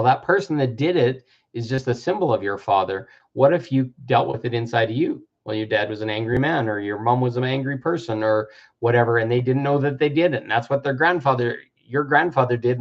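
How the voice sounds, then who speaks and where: A man's voice: medium pitch, brisk. A man in his fifties giving an earnest self-help talk, sometimes acting out the voices of people he quotes. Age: 50s. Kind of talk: reflective personal-growth talk. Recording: dull lo-fi recording.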